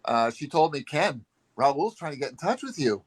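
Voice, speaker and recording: A man's voice: a little high, moderate pace, husky, dry recording, low-quality recording. A man chatting on a video call, telling a long fan anecdote in an easygoing way with frequent "um" and "uh". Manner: relaxed storyteller with frequent "um" and "uh". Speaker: longtime fan, group member. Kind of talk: casual video chat storytelling.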